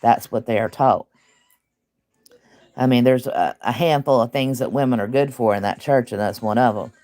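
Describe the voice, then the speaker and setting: A woman's voice: a bass voice, moderate pace, mellow. A woman who hosts casual online commentary, talking bluntly and emphatically with laughs.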